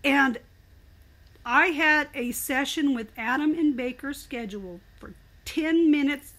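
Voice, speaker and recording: High-voiced older woman telling a story. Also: measured pace. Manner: animated, expressive storytelling. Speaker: interview guest. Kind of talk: casual storytelling interview.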